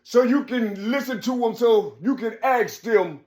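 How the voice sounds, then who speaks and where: A man delivering a rambling personal monologue. He keeps repeating "you see," stumbles and restarts, and swings from low murmurs to raised, emphatic bursts. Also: unhurried, few pauses, darkish tone.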